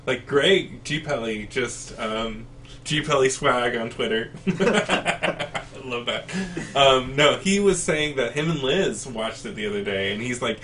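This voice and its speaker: A man's voice: medium pitch, measured pace, a bit bright, slight background noise. A chatty man co-hosts an easygoing conversation, often hesitating and restarting his sentences. His voice comes from some distance off the mic. A faint ambience sits underneath. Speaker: podcast co-host. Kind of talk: casual chat between matches.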